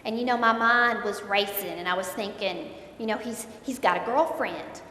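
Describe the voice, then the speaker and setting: A woman's voice: normal speed, pushed and bright. A woman giving an earnest faith testimony, retelling events and repeating herself as she speaks. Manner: earnest, repeats words while recounting, voice rises in dismay. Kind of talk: emotional faith testimony storytelling. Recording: echoey hall, faint rumble.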